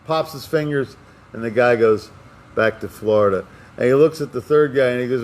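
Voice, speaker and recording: A man's voice: mid-range voice, moderate pace. A man co-hosting a podcast, chatting casually and telling jokes with lots of laughter. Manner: animated joke-telling, laughs often. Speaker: podcast co-host. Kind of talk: casual chat.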